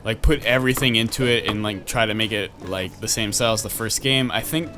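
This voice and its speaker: A man's voice: fairly low pitch, brisk, music in the background. A man hosting a casual let's-play chat, rambling with lots of fillers and laughing easily. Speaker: host, gameplay commentator.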